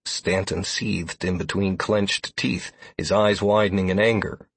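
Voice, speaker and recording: A man narrating a first-person fantasy story in an expressive way, with defiant dialogue. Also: sits low, a little slow, few pauses, slightly rough, dry recording. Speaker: audiobook narrator.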